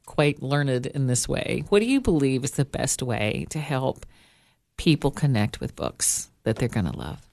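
A woman co-hosting an interview, chatting in an expressive, easygoing way and laughing often. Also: a bass voice, a little slow, gravelly, no echo. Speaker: podcast co-host. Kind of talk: casual radio interview chat.

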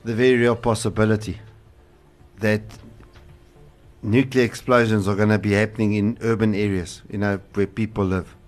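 A man's voice: lowish voice, level tone, normal speed, soft background music. A man, a pastor co-hosting a casual religious talk show, earnest and rambling with fillers. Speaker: pastor and co-host.

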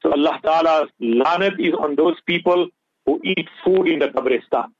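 A man's voice: on the high side, moderate pace, dry recording. Impassioned male radio preacher, dull sound. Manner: impassioned, mixes English with Urdu and Arabic phrases. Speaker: radio presenter giving Islamic advice. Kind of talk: earnest religious talk on radio.

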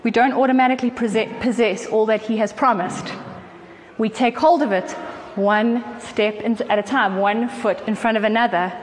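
A woman preaches with earnest, chatty warmth and a fairly high voice. Her talk is full of quick asides. The sound carries a faint hall reverb with light background noise. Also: steady tone. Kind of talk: sermon.

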